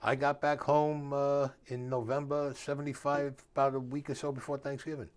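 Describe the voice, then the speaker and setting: In a relaxed interview, this older author and guest spins stories like a streetwise raconteur, voicing the dialogue himself and letting grammar slide. He speaks at a moderate pace in a mid-range voice that barely moves in pitch.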